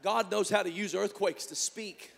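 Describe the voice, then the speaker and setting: A man preaching a sermon in a church, swinging from loud shouts down to hushed, quiet lines. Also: high voice, steady tone, moderate pace, creaky, in a large hall. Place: church sanctuary.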